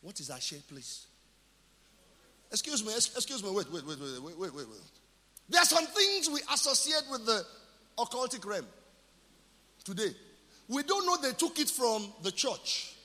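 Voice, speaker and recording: A male pastor with a Nigerian accent preaching a sermon. He asks questions and answers them himself, then builds to shouted declarations. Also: high-pitched, sing-song, moderate pace, long pauses, in a large hall. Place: church.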